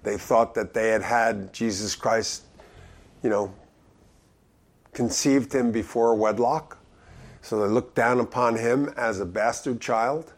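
Male preacher, mid-range voice, conversational verse-by-verse teaching with swings between emphatic and hushed delivery. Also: slow, long pauses. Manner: reads scripture aloud then explains it conversationally; shifts between loud emphatic stress and low quiet asides.

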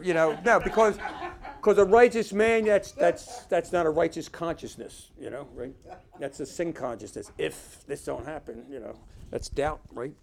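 A man's voice: fairly high pitch, moderate pace, vocal fry, background noise. A man giving informal Bible teaching, talking conversationally and reading verses aloud with emphasis. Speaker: preacher.

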